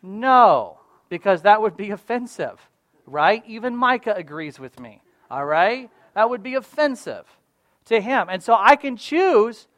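Preacher, conversational with emphatic swings. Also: male voice, very animated, measured pace, no echo, clean studio sound. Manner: conversational preaching with frequent "all right?" and "right?" check-ins; swings between loud emphatic stresses and quiet low asides. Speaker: pastor. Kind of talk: sermon.

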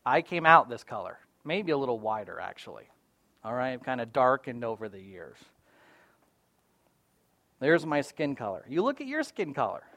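A man preaching a sermon as a pastor, casual and conversational, often checking in with "right?" and moving between loud emphasis and quiet asides. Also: mid-range voice, sing-song, normal speed, long pauses, no echo.

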